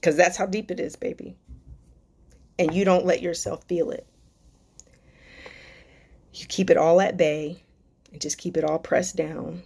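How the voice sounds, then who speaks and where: A woman with a slightly low voice hosts a live stream Q&A as a life coach. She talks to her viewers with deep affection, calling them darling, baby and sweetheart. Her encouragement is spiritual and emotional, close to tears. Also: level tone, measured pace, vocal fry, pauses often, darkish tone, slightly rough.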